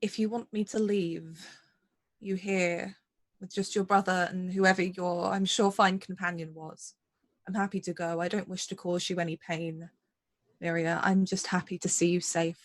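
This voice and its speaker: A woman's voice: lowish voice, flat delivery, moderate pace, lightly acted. A woman voicing Mara, a grieving noblewoman who speaks earnestly and apologetically to her estranged younger sister, in a tabletop role-play. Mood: remorseful.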